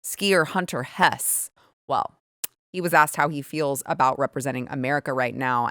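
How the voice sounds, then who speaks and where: A woman hosting a commentary show, talking in a sarcastic, indignant and animated way, and reading an ad. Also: very deep voice, normal speed, no room sound, studio quality. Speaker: host. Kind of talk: opinionated commentary and ad read.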